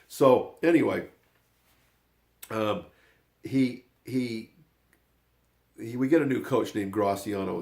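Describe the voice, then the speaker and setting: Older man with a gravelly low voice. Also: darkish tone. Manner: rambling and digressive, circling back with "anyway". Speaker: grandfather telling family stories. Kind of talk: casual spoken storytelling.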